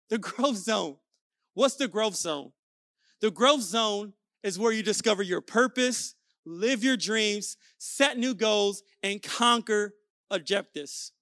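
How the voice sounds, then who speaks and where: A young adult man preaching an energetic sermon, telling stories with playful asides. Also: high-pitched, dry recording, studio quality. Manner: animated storytelling with playful asides. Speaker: pastor.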